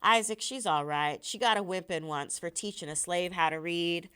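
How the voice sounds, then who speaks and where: A woman reading aloud, voicing a wary but proud young woman who speaks calmly and plainly. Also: on the low side, normal speed, clean tone. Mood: earnest.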